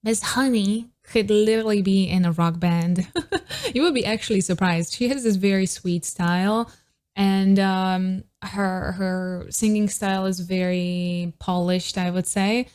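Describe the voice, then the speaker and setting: A woman's voice: mid-range voice, steady tone, measured pace, darkish tone. A woman vocal coach giving reaction commentary on a singer, admiring and analytical, with technical vocal terms.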